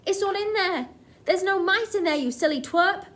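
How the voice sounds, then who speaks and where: A woman voicing rowdy male cooks, shouting and jeering loudly. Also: extremely high pitch, sing-song, moderate pace, voice pushed up, exaggerated voice.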